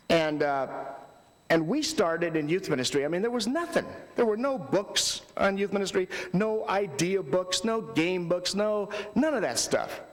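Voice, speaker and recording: A man giving a conversational talk at a youth ministry convention, telling stories with loud bursts and quiet lows. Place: large hall before an audience. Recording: long hall reverb.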